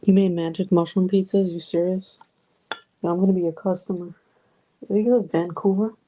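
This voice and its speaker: A woman streams from her room at home, chatting loosely with her viewers and swearing freely. Her voice sits low and sounds mellow and relaxed. She rambles from one thing to the next. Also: brisk, low-quality recording. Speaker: livestream host. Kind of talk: casual chat with live chat viewers. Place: home room with a noisy fish tank.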